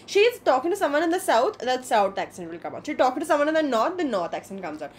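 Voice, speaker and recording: A woman's voice: high-pitched, sing-song, fast talker, slight background noise. A young woman from India co-hosting a podcast, telling stories in an exasperated, dramatic way. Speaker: podcast co-host. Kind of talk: casual chat.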